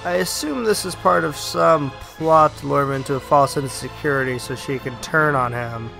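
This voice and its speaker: A man's voice: a little high, normal speed, gravelly, pushed and bright, soft background music. Young man joking over gameplay. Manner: joking, rambling asides. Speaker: let's play host. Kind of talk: gameplay commentary.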